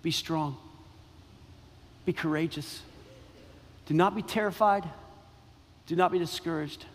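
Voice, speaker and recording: A man preaching in a high, ringing voice, building his points through repeated phrases and long pauses. His sermon carries the long reverb of a large church sanctuary. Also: a little hiss or hum. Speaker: pastor.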